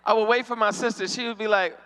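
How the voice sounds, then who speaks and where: A man's voice: high voice, fairly even intonation, fast talker, a bit bright, smooth, big-room sound. A man doing a stand-up comedy routine, acting out the voices of people in his stories. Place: convention hall stage.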